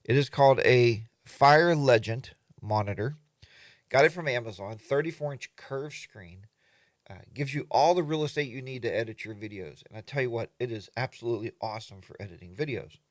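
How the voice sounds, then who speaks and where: A man hosts a relaxed morning chat stream from his home studio, talking into a desk mic. His voice sits at an everyday pitch and sounds dry and close. He wanders from topic to topic with plenty of fillers. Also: brisk, dry recording. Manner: rambling, chatty, lots of fillers, greets viewers. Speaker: livestream host.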